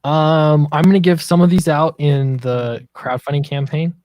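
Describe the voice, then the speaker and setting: A man's voice: a little high, fairly even intonation, normal speed, a little mellow, dry recording. Hesitant man chatting in a dry room. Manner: hesitant, many fillers and restarts. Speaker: comic creator, stream host. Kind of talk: casual chat.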